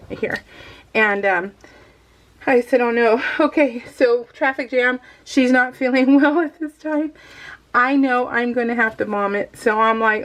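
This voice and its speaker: A woman's voice: a little high, a bit bright, low-quality recording. A middle-aged woman telling a story in a casual, chatty voice-over, laughing often and coughing now and then after tonsil surgery. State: coughing, recovering from tonsil removal. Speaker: scrapbooking vlogger.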